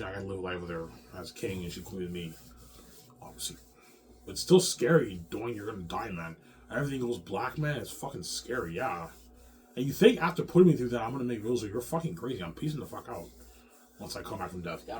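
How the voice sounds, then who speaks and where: A man's voice: fairly low pitch, warm tone. A man rambling in an agitated monologue to the camera, swearing often and repeating his words. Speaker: vlogger.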